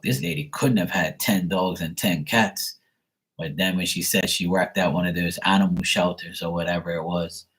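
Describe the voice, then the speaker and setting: A man's voice: deep voice, fairly bright tone, husky, rough recording. A man reading tarot on a livestream from home, telling rambling stories in a casual way and swearing freely. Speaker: psychic tarot reader.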